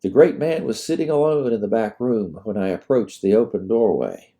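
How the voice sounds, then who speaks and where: A man narrating his own historical storybook in a measured, expressive reading. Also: lowish voice. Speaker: author narrating his book.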